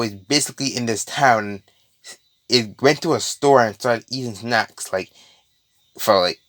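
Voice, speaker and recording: Man, casual storyteller, rambling, mid-pitched voice, dry close sound. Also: fairly bright tone, dry recording. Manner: rambling, full of restarts and asides.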